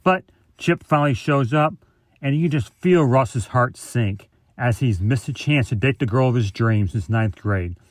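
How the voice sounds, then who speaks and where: A man's voice: mid-range voice, measured pace, no echo. A man sending in a recorded message to a podcast, reading his comments in an earnest, enthusiastic way. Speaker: listener sending in a clip. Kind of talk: read-out listener message.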